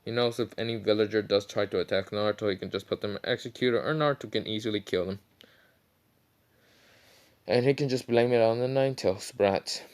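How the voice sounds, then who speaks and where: A man's voice: on the low side, steady tone, fairly quick. A man casually retelling a fan story, rambling with many fillers and some swearing.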